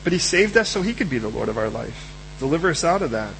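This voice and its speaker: Preacher, male, high voice, animated delivery, acts out characters, slight background hum. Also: quick pace, creaky, rough recording. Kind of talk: sermon.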